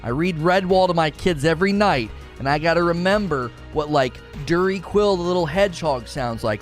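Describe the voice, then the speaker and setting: A man's voice: a little high, moderate pace, few pauses, soft background music. A man in his thirties chatting casually on a live stream, answering chat with frequent laughter and playful asides. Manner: animated, laughs often, slips into playful character voices.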